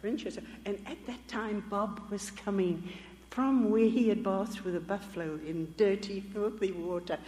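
Older woman, missionary testimony preacher, lively storyteller who acts out quoted voices, long hall reverb. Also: medium pitch, normal speed. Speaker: missionary speaker.

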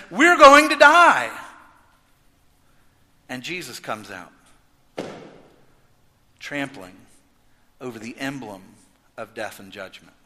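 Man, pastor, sermon, bright tone, echoey hall, loud-to-hushed swings. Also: sits high. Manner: animated, swings from loud emphasis to hushed intensity.

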